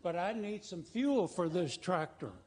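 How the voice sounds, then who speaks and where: A man's voice: sits high, animated, unhurried, a little mellow, breathy edge, full character voice. A man voicing a cheerful caveman inventor in a folksy storytelling tone.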